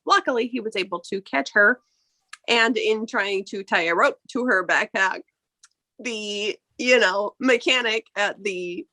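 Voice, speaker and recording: A woman narrating a tabletop game recap as game master, chatty and quick to laugh. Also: medium pitch, bright, forceful tone, no echo. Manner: chatty, laughs often, many fillers.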